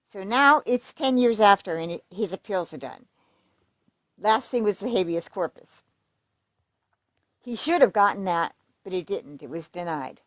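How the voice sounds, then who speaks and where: A woman's voice: medium pitch, lively intonation, unhurried, long pauses, fairly bright tone, dry recording, studio quality. Woman reading letters in casual commentary. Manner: conversational, fillers and restarts, emphatic asides. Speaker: true crime commentator.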